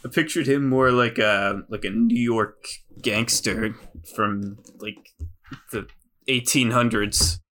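A man playing a tabletop game in casual chat, playful and quick with questions. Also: lowish voice, fairly even intonation, fairly bright tone. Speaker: player.

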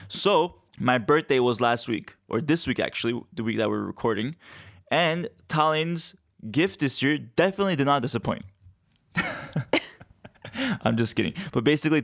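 A man co-hosting a podcast in casual chat, an animated storyteller who leans on fillers and laughs easily. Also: mid-range voice, no room sound, studio quality. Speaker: podcast co-host.

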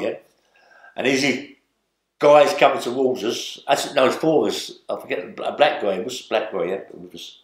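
Older Londoner spinning rough yarns. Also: male voice, medium pitch. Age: 70s. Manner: rambling, tags lines with "yeah?" and "you know what I mean?". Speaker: interview guest. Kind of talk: storytelling interview. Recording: roomy echo.

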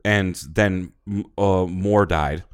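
A man with a low voice chats on a podcast, blunt and quick to swear as he jokes. His voice sounds close and dry, with no room around it. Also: steady tone, smooth, no room sound. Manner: profane, blunt, joking. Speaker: podcast co-host. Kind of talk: casual chat.

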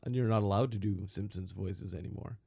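A man's voice: sits low, fairly quick, gravelly, warm tone. A man co-hosting a podcast, talking in a dry, teasing way. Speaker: podcast co-host. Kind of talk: casual chat.

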